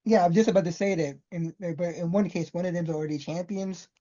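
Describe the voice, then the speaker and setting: Mellow laid-back podcast co-host. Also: medium pitch, steady tone, a little fast, highs cut off. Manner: laid-back, laughs easily, short remarks. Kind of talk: casual wrestling chat.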